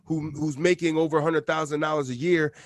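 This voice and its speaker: A man's voice: a little high, a little fast, dry recording. Casual, profane man co-hosting. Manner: loose, profane, animated riffing. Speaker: podcast co-host. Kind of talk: casual chat.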